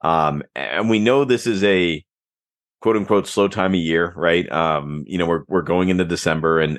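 Very deep fast-talking male host. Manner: affirming, quick backchannels. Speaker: podcast host. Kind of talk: casual interview talk.

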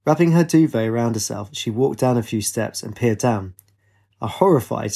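A man narrates a story in an even, measured reading voice. His pitch sits in the middle range for a man.

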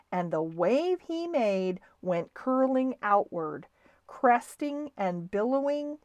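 A woman hosting a bedtime story show, reading a children's book aloud in a lively, expressive way. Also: mid-range voice, no room sound. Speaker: storyteller, podcast host.

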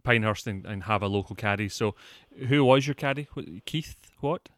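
A man with an Australian accent hosting a podcast, asking quick, friendly questions in casual chat. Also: lowish voice, fairly bright tone, no echo, studio quality. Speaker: podcast host.

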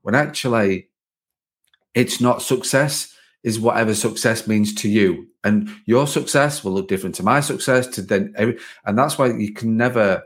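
Male podcast host, slightly low voice, loose rambling delivery. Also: moderate pace. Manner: rambling, many restarts and "like" fillers. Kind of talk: casual interview chat.

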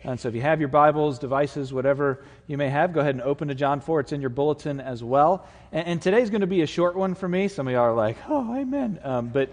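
A man, the lead pastor, delivers a folksy, conversational sermon, full of filler words and asides to the congregation. His voice sits slightly high for a man. The long reverb of a large church sanctuary trails after each phrase. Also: quick pace, hardly any pauses.

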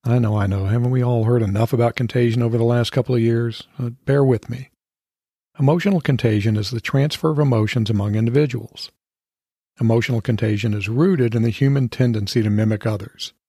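Male podcast host, mellow husky voice, steady storyteller. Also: medium pitch, no room sound, studio quality. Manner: calm, measured storytelling. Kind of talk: podcast monologue.

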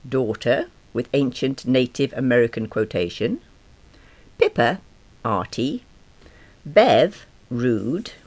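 A woman of about fifty reads a first-person diary-style story in a wry, self-deprecating and expressive way. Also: rumbling low, takes it slowly, long pauses. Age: around 50. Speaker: narrator.

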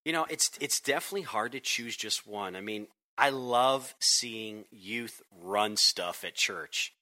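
Youth pastor, forties, bright animated storyteller guest. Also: male voice, fairly low pitch, unhurried. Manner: animated storyteller, acts out voices. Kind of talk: casual podcast conversation.

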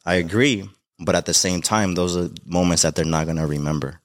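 A young man from Mexico, guesting on a podcast, talks about being a dad in a heartfelt, rambling, emotional conversation full of fillers. His voice sits low and he speaks briskly, in a dry, studio-quality recording.

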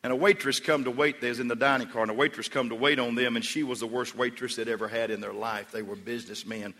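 A man preaching from the pulpit of a church sanctuary, his voice bright and forceful. He drops to a hushed storytelling tone, then rises into loud, emphatic calls to the congregation. A long reverb trails every phrase. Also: mid-range voice, fairly even intonation, fast talker. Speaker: pastor. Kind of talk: sermon.

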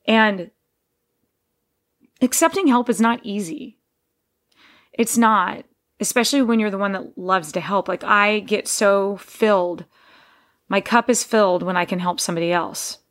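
A woman's voice: mid-range voice, unhurried, pauses often. A woman hosting a podcast, talking in a rambling, digressive casual monologue with frequent restarts. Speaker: podcast host.

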